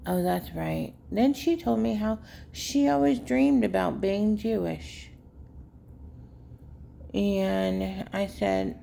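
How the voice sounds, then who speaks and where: A woman telling viewers a rambling family story in a casual, unhurried way with many fillers. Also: medium pitch, expressive, vocal fry, mellow, a little hiss or hum. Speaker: vlogger, caregiver daughter.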